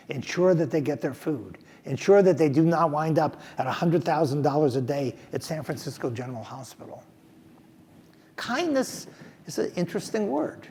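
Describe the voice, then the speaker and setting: An older professor with a husky voice that sits a little high for a man. He talks through his answer in a fireside chat, thoughtful and emphatic, often breaking off and restarting his sentences. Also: a little mellow, in a large hall. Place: stage at a business school event.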